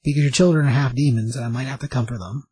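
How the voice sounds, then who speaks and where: A man's voice: medium pitch, fairly even intonation, rapid-fire, darkish tone, husky, dry recording. A man voicing a grim, vengeful antihero with blunt, threatening talk, in a casual retelling. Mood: menacing.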